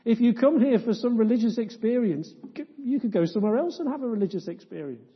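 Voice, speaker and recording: A man preaching a sermon in a church, firing off rhetorical questions and swinging between loud, impassioned stretches and hushed ones. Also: high voice, animated, quick pace, hardly any pauses, breathy edge. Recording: dull lo-fi sound with long church reverb.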